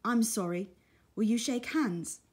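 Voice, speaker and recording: A woman voicing an earnest older schoolboy who leads his siblings, in a storybook reading with a husky voice. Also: on the high side, unhurried, a little mellow, pitched above the performer's own voice.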